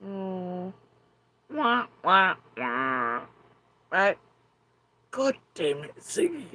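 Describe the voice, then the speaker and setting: A woman with a deep voice and an Appalachian accent, ranting to camera in a profane, sarcastic monologue. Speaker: vlogger.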